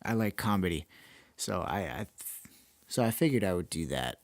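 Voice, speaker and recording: A man's voice: low-pitched, lively intonation, normal speed, no echo. A young man hosting a solo podcast, rambling casually and self-deprecatingly with plenty of swearing. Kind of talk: casual late-night ramble.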